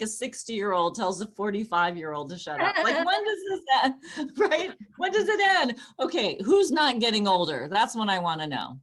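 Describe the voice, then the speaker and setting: A middle-aged woman from Los Angeles performing a stand-up comedy set, chatty and animated, often jumping into high squealing voices to quote people.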